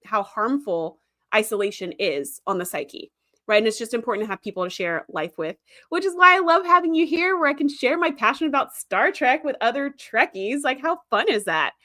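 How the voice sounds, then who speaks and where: A woman with a fairly high voice hosts a casual fan podcast and reads out live chat comments as she goes. She talks in a chatty, enthusiastic way full of fillers and quick asides. The sound is dry and close, with no room echo. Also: expressive, bright, forceful tone. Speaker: podcast host.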